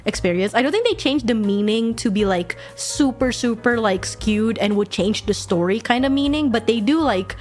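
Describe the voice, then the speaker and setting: A woman streamer chatting casually while she draws, animated, swearing freely and laughing often. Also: fairly high pitch, moderate pace, hardly any pauses, faint music behind. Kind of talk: casual chat while drawing.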